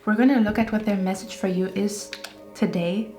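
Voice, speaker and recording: Woman, tarot reader, chatty, reassuring, mid-pitched, roomy echo, faint music behind. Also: fairly even intonation, normal speed, a little mellow. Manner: chatty, reassuring, often adds "okay?". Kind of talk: casual tarot reading to camera.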